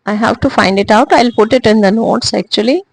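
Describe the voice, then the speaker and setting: A woman teacher, giving a recorded lesson slowly, with frequent hesitations and restarts. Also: on the high side, no echo, low-quality recording. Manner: slow and deliberate, with frequent "uh" and restarts. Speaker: English teacher.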